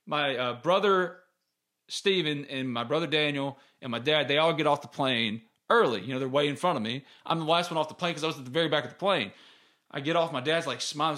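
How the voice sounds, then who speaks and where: A man's voice: on the high side, brisk, fairly bright tone. A man, hosting a casual sports podcast and telling stories in a candid, rambling way. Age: 30s. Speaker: podcast host.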